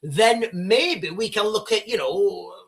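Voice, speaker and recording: A British man hosting a livestream, rambling and animated as he talks straight to his viewers. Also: sits high, takes it slowly, gravelly. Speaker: livestream host. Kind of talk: casual live commentary.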